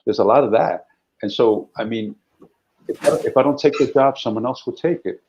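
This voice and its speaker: A middle-aged man, a guest actor, telling stories in an animated, anecdotal way during a casual interview. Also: mid-range voice, normal speed, noisy background. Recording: dull lo-fi audio.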